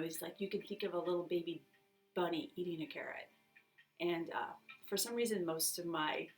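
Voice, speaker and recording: A woman yoga instructor chatting casually and enthusiastically before guiding a breathing practice, with many fillers. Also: fairly low pitch. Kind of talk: casual chat and guided breathing.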